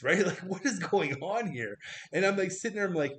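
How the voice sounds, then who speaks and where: A man's voice: high-pitched, a little fast. A man reviewing a movie on a casual livestream, rambling and swearing as he laughs through his reactions. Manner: rambling, profane, animated, laughing.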